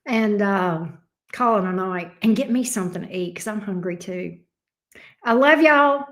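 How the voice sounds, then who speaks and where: Hosting a tarot livestream, a middle-aged woman banters casually with viewers and laughs a lot. She speaks at a normal speed in a medium-pitched voice with a slight brightness.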